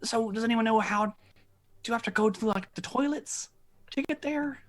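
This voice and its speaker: A player in a tabletop game who chats in an animated, rambling way. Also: medium pitch, normal speed. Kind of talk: casual tabletop game chat.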